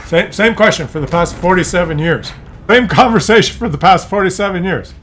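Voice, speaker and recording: A middle-aged man telling a family story in a casual vlog, animated and laughing often as he acts out voices. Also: high-pitched, a little fast. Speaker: content creator.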